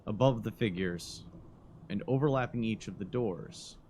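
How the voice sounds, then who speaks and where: A game master narrating a tabletop role-playing game in slow, descriptive phrases with pauses. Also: medium pitch, darkish tone, slight background noise.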